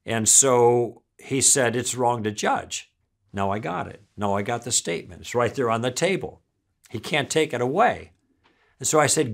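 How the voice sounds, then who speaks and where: A man's voice: medium pitch, moderate pace, gravelly. A middle-aged man giving a recorded church teaching, telling stories and acting out both sides of a conversation. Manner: animated storytelling, acting out dialogue.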